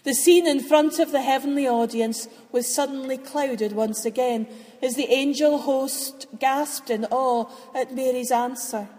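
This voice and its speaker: Female storyteller, unhurried reading, echoey hall sound. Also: sits high. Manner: expressive, voices characters lightly. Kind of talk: storybook read-aloud narration. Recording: long hall reverb.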